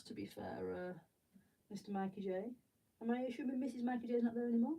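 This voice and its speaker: A woman's voice: a little high, fast talker, creaky, distant mic, heavy background noise. A middle-aged woman with an English accent, chatting and telling rambling stories as she builds, laughing often. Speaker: streamer. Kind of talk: casual chat while building. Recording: voice a bit away from the mic.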